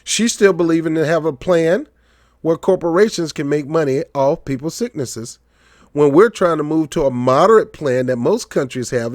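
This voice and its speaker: A man's voice: a little high, no room sound. Mocking, joking man with a dry voice. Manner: joking, mocking, animated storytelling. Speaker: political commentary vlogger. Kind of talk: casual political commentary.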